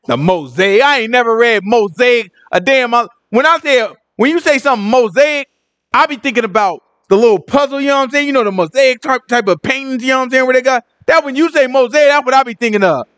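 A man teaching Bible study in casual, animated commentary, full of slang and "you know what I'm saying". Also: very high voice, fast. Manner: animated and joking.

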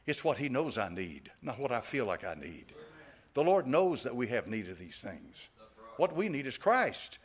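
A man's voice: fairly high pitch, a bit bright. A male pastor preaching a sermon, emphatic, punching key phrases and asking the congregation rhetorical questions. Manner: emphatic, rises to stressed phrases.

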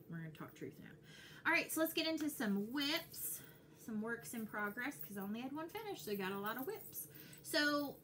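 A young woman with a Texas accent, chatting casually and excitedly to her viewers as a cross-stitch vlogger. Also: fairly high pitch, slight background noise. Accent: Texan. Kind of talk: casual chat to camera.

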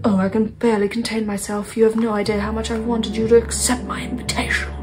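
A woman's voice: a little high, little pitch movement, fast talker, natural voice. A woman reading a gloating male ghost king villain aloud from a video game, in a hammy, mocking way. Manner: reads the game's text aloud, hammy and mocking. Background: game music.

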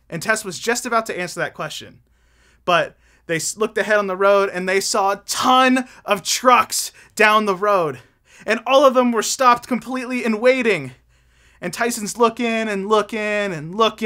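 A man teaching children's church, telling a lively story with a Bible lesson. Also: sits high, normal speed.

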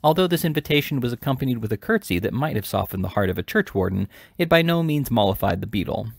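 Male audiobook reader, gravelly and low, dry close mic, prone to small stumbles. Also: animated, quick pace, dry recording. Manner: frequent slips and restarts mid-word. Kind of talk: reading a classic novel aloud.

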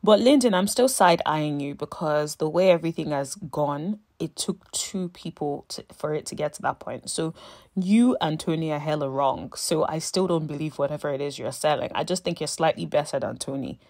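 A woman with a fairly low voice gives a casual reality-show recap, emphatic and quick to scold the cast. Her delivery is animated, full of asides and pet names like honey. The sound is dry and close, with no room echo. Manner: exasperated asides, calls people honey and sis. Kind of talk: casual reality-TV review commentary.

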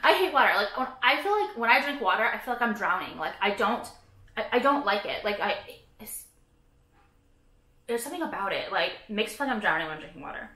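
A woman's voice: mid-range voice, big pitch swings, quick pace, bright, forceful tone. Profane, sarcastic woman in an echoey room. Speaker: vlogger reviewing products. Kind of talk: casual ranting vlog.

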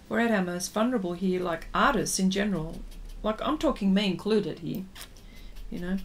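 A woman artist hosting a livestream, chatting casually with viewers while she paints and answering their comments. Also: medium pitch. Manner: talks slowly while working, trails off into fillers.

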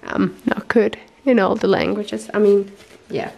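Slow-talking woman, gushing and teary. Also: mid-range voice, steady tone, vocal fry, a little mellow, faint music behind, low-quality recording. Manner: gushing, searching for English words. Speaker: papercraft vlogger. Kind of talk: casual unboxing chat. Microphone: tablet microphone.

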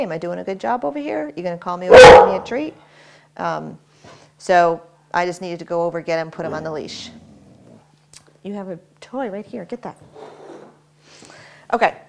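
A middle-aged woman dog trainer explaining basic commands in a relaxed, instructional way while working with a dog. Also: noisy background. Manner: relaxed explaining, cheerful high praise to the dog. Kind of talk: instructional demonstration.

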